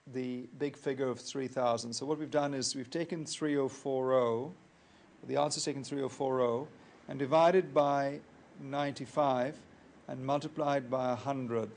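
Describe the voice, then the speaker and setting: Man, accounting tutor, recorded lecture, measured, methodical, repeats key points, mid-pitched voice. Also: a little mellow, a little hiss or hum.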